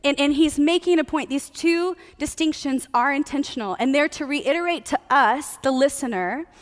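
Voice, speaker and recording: Woman giving a sermon, high voice, chatty and playful, long echo like a big church hall. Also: fairly bright tone. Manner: casual, playful, conversational teaching. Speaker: preacher.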